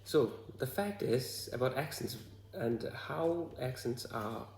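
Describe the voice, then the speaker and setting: A man from Bhutan with a Bhutanese accent, talking to the camera in a hesitant, halting way full of fillers. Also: medium pitch, vocal fry, darkish tone, echoey room. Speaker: vlogger. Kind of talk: casual talk to camera.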